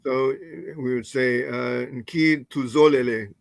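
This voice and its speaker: A man studying in a language class, reading each line with care and stopping to check where the stress falls. His voice sits at an ordinary pitch for a man. The sound is close and dry. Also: steady tone, measured pace, vocal fry, no room sound. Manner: careful, asks about pronunciation. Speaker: language student.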